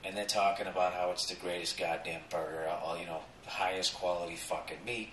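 A man hosting a podcast, telling a profane comic story with sudden loud outbursts. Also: low-pitched, brisk, echoey room, far from the mic, slight background noise, rough recording. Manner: profane, animated, jumps into loud acted quotes. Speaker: podcast host. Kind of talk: comedic storytelling monologue.

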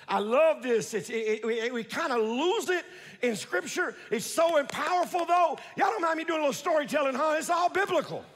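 A male pastor preaching a sermon, telling the story with animated delivery and calling out to the congregation. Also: extremely high pitch, normal speed, big-room sound. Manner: builds to shouting at peaks.

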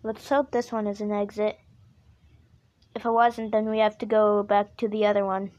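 A woman's voice: mid-range voice, little pitch movement, normal speed, a little mellow, lo-fi sound. A woman doing casual reaction commentary, frightened, pleading with the screen and repeating herself. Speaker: reaction video host.

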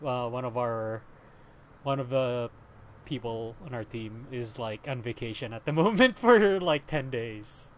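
A man's voice: medium pitch, animated, unhurried. A young man, co-hosting a casual podcast chat, laughing often and repeating himself. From Philippines. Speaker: podcast co-host.

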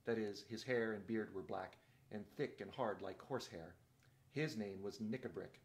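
A man reading a novel aloud in a steady, measured narrating voice. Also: fairly low pitch. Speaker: reader.

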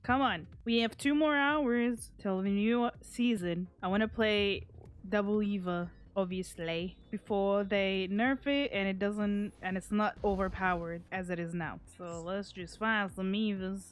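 A young woman giving casual, excitable commentary over her own gameplay as a gaming streamer, swearing freely and humming between sentences. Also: medium pitch, unhurried.

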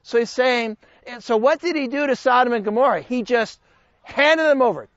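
A man teaching a Bible study class in an animated, conversational way, joking with his listeners. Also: extremely high pitch, normal speed, dry recording, muffled recording.

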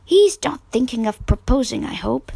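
A woman's voice: a little high, animated, moderate pace, no room sound, lightly acted, low-quality recording. A woman voicing a stern, disapproving wealthy old aunt in a storybook reading. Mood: indignant. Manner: sniffing, disapproving.

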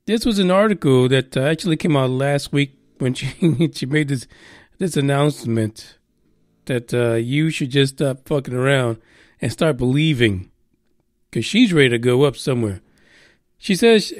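Male podcast host, irreverent and profane, loose rambling delivery, slightly high pitch. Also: lively intonation, moderate pace, no room sound, clean studio sound. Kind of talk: casual news chat.

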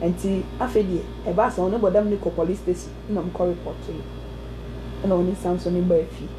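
A woman preaching an animated sermon, telling a testimony with sudden exclamations and snatches of song. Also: fairly low pitch, brisk, noisy background. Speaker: prophetess preacher. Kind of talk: sermon testimony mixing Twi and English.

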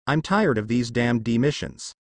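A cocky, eager teenage ninja boy, voiced by a man reading the story. His lines swing up and down in pitch, in a dry, close recording. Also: lively intonation, moderate pace, no room sound.

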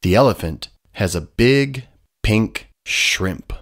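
A man narrates picture-book stories for young children. He reads very slowly and clearly, his pitch swinging widely in a sing-song way. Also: big pitch swings, fairly bright tone. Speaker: storybook narrator. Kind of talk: scripted children's story narration.

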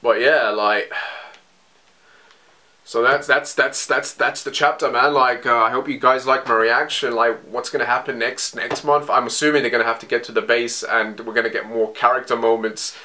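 A man giving casual reaction commentary on a comic, emotional and excitable, rambling with many restarts. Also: medium pitch, moderate pace. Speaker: manga reaction vlogger. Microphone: phone.

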